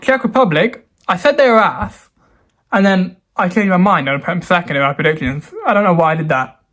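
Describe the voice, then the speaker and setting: A man's voice: sits high, a little fast, fairly bright tone. A man giving a casual, rambling football review, self-mocking and mock-solemn by turns. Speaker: football vlogger.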